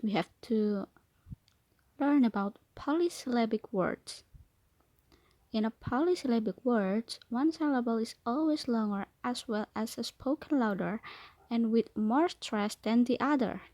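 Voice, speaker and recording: A young woman from Indonesia, a student presenting a lesson and reading definitions aloud, carefully slowing to repeat key points. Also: fairly high pitch, a little mellow, no room sound. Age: young adult. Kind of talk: read-aloud explanatory lesson.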